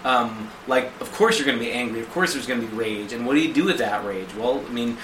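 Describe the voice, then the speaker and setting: A middle-aged man co-hosting a conversational theology podcast, animated and acting out quoted prayers in different voices. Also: medium pitch, fast, a little hiss or hum. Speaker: podcast co-host. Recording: echoey room.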